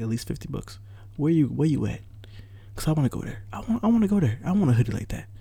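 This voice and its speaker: A young man hosting his own podcast from home, talking in a casual, rambling way, relaxed but animated when riled up. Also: mid-range voice, gravelly, no echo. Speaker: podcast host. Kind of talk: casual solo podcast rant.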